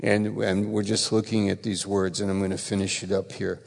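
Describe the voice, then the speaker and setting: A man preaching a sermon as pastor, emphatic and repetitive, rising to loud stresses and dropping to quiet asides. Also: on the low side, level tone, moderate pace, gravelly, in a large hall. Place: church.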